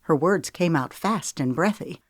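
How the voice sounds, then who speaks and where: Low-voiced woman reading a novel. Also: animated, measured pace, no room sound, clean studio sound. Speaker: audiobook narrator. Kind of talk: scripted storybook narration.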